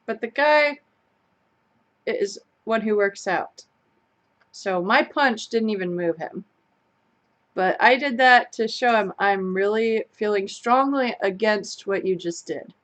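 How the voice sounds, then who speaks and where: A young woman co-hosts a casual live stream, telling a long story to her viewers. She talks in an animated way and laughs often. Her voice sits at a middle pitch. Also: takes it slowly. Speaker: co-host of a live chat stream.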